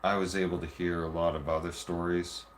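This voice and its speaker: A man's voice: deep voice, little pitch movement, a little fast, slight background noise. A man telling a heated, profanity-laced story about an ex, re-enacting their arguments as he goes. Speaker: vlogger. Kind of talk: casual storytelling rant.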